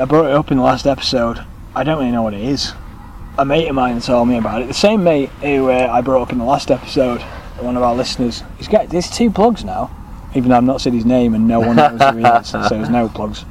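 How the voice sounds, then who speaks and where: A man's voice: mid-range voice, background noise. A young man co-hosting a podcast, rambling and laughing through crude casual chat. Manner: rambling, giggly, jokey. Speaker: podcast co-host.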